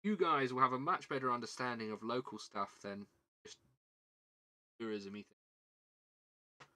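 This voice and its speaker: A man's voice: medium pitch, lively intonation, a little fast, bright, forceful tone. A man hosting a live stream, chatting casually with viewers while he builds a model kit and thinks aloud. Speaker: livestream host.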